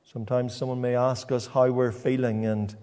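Male preacher giving a sermon, stop-start delivery with repeated words, mellow tone. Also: medium pitch, flat delivery, long reverb tail. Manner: halting, repeats words as he goes. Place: church.

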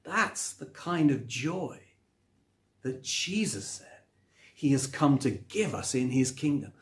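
A man's voice: mid-range voice, expressive, slow pace, darkish tone. A man preaching a sermon from home, emphatic and rising on key words, with conversational asides. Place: at home, recorded during lockdown.

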